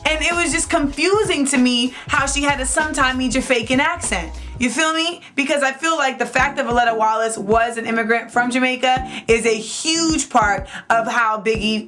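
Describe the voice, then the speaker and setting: A woman's voice: sits high, fairly bright tone. A woman hosting a vlog, giving casual, sassy, candid commentary in slangy speech. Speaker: host.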